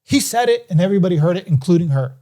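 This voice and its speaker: Racing along in a high-pitched voice, a man guesting on a podcast tells a story casually. He's animated throughout and acts out what the people in it said.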